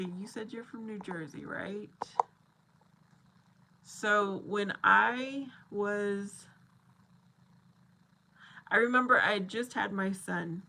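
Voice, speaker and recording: A woman in her forties chatting casually on a livestream, answering viewer comments. She talks in an unhurried, drawn-out way with a bright, forward voice, laughing often and musing aloud. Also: mid-range voice, creaky. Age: 40s. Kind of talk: casual live chat.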